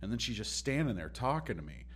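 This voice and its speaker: A man telling a story in a relaxed, animated way, acting out the other people's lines. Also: mid-range voice, quick pace, slight background noise. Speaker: podcast guest. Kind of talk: casual storytelling.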